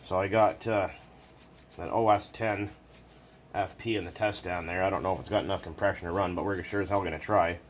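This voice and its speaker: A very deep-voiced man talks loosely at his workbench, joking and rambling with the odd swear. A faint hum of background noise sits under his voice. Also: fairly even intonation, a little fast. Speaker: hobbyist video maker. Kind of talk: casual workshop chat.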